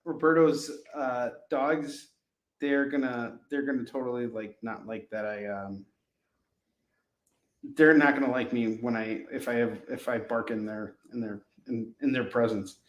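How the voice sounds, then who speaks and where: A man hosting a casual live shopping stream, pitching comic books with rambling jokes and laughing at himself. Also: fairly even intonation, measured pace, roomy sound. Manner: jokey, rambling, laughs at his own jokes.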